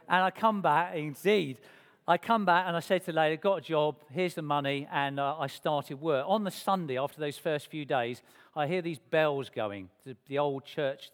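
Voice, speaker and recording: Man telling his story in a reverberant church. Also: on the high side. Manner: lively, self-mocking, acts out dialogue in quotes. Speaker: speaker sharing his testimony to a church congregation. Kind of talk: personal storytelling. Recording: long reverb of a church hall.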